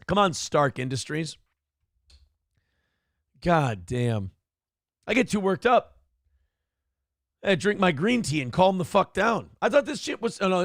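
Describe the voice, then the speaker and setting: A man's voice: a little high, no room sound, studio quality. A man hosting a live-streamed morning talk show, ranting profanely about politics and thanking viewers for donations. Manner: loud, profane, worked-up ranting. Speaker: livestream talk show host.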